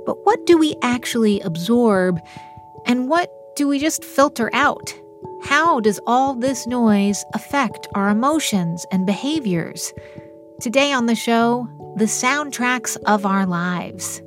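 A woman hosting a show, narrating and interviewing in a measured presenter voice. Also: a little high, expressive. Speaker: radio show host. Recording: studio voice with music underneath.

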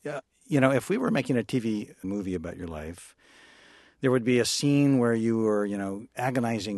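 A man's voice: medium pitch, fairly quick, creaky, darkish tone, no room sound, clean studio sound. A man hosting a radio interview, asking curious, friendly questions and laughing easily.

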